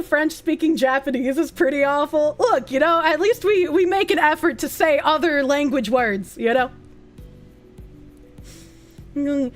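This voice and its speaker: A woman's voice: high voice, faint music behind. A young adult woman with a Boston accent, chatting casually as a streamer, playful and profane, reading out viewer comments. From United States. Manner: playful and profane, quick asides and laughs.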